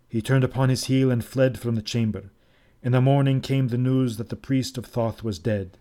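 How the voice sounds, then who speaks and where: A man's voice: mid-range voice, fairly even intonation, warm tone. Solemn male audiobook narrator. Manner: measured, solemn storytelling. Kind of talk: first-person scripted narration.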